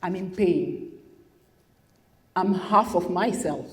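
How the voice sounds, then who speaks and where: A woman with a lowish voice speaks slowly as she leads a masterclass, candidly and emotionally sharing personal thoughts with her audience and repeating phrases for emphasis. The talk takes place in a hotel event room, recorded with long hall reverb.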